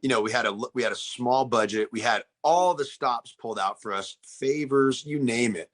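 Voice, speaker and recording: A man speaks in an interview, earnest and reflective, circling back and restarting as he thinks aloud. His voice sits at an ordinary middle pitch for a man. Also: normal speed. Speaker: actor in the film. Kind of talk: casual interview talk.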